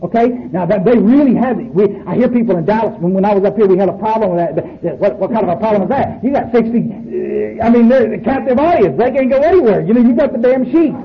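Blunt, high-voiced man preaching. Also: animated, fast, hardly any pauses. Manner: blunt, profane and emphatic. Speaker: recovery meeting speaker. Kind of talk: speaking to an audience. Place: room full of people. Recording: muffled recording with faint noise.

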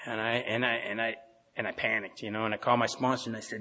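Fast-talking man telling his story. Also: mid-range voice, steady tone, bright, forceful tone. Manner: earnest, rambling storytelling with many restarts. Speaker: AA speaker. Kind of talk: personal recovery talk. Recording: long hall reverb.

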